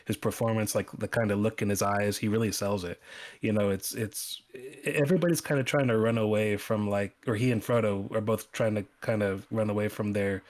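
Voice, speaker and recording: A man's voice: on the low side, fairly even intonation, brisk. A man co-hosting a casual film discussion, speaking hesitantly with many fillers and restarts. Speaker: podcast co-host.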